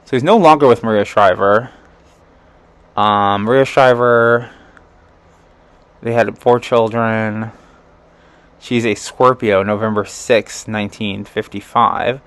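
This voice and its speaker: A man's voice: fairly low pitch, slow pace, long pauses, a bit bright, clear, resonant tone, no room sound. A man giving a casual astrology chart reading as a tarot reader. He rambles, fills his talk with "like" and "um", and adds chuckling asides.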